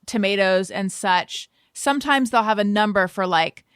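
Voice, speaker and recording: A woman guest on a comedy podcast, animated and rambling, with lots of filler words. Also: medium pitch, normal speed, clear, resonant tone, no echo, studio quality. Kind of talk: casual chat.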